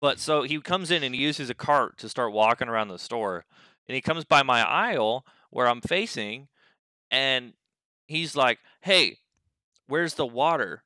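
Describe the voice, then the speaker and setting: A man hosting a podcast, telling a funny story in a casual, animated way, quoting people and swearing. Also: medium pitch, normal speed, no room sound. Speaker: podcast host.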